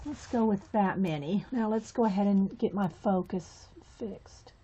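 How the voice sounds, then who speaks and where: A woman's voice: mid-range voice, a little slow, warm tone, breathy edge. A woman hosting a casual livestream while coloring, chatty and gushing with frequent exclamations. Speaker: livestream host coloring with viewers. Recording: dull lo-fi sound.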